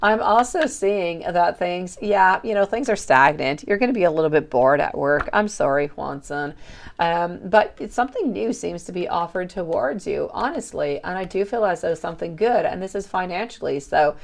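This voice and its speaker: A woman's voice: fairly low pitch, animated, moderate pace, vocal fry. A woman giving a chatty, affectionate livestream tarot reading and calling viewers sweetie. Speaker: tarot reader.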